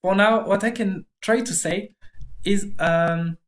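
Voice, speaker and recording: A native French speaker with a French accent, chatting casually in halting English while drawing on a stream, often stopping to search for words. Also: mid-range voice.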